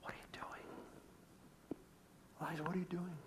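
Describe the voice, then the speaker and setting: A hushed, gentle voice of God, as a preacher whispers it. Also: male voice, sits high, little pitch movement, normal speed, slight background noise, natural voice. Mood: tender. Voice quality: soft unvoiced whisper.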